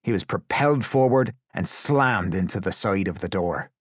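A man's voice: low voice, expressive, moderate pace, slightly rough, no echo, clean studio sound. A man reading a tense story aloud as an audiobook narrator, with intense, vivid storytelling. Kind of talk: scripted dramatic narration.

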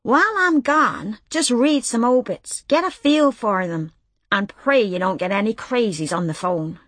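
A woman's voice: a little high, lively intonation, a little slow, fairly bright tone, no echo. A woman reading as a brash, crude office veteran. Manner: brash, teasing, drawn out. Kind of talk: audiobook reading.

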